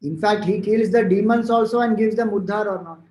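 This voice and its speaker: High-voiced Indian man giving a spiritual talk. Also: fairly quick, a little mellow. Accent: Indian English. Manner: storytelling, explanatory, with fillers and restarts. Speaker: spiritual teacher. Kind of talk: devotional discourse. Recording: roomy echo.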